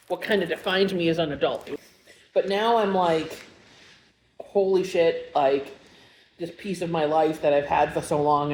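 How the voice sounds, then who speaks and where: Young woman, casual vlog storytelling, rambling, lots of fillers, emotional, lowish voice, roomy echo. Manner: chatty, rambling, full of "like" fillers; emotional, animated retelling. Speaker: vlogger. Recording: roomy echo with faint background hum.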